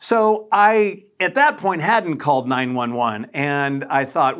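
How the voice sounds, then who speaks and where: A male pastor telling a personal story in a sermon, animated and dramatic, acting out the quoted lines. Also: on the high side, moderate pace.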